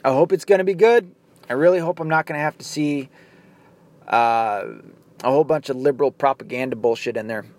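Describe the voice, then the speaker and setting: A man's voice: medium pitch, brisk, a little mellow. A man hosting his own podcast, ranting angrily and profanely, firing off rhetorical questions. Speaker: podcast host. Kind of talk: angry political rant.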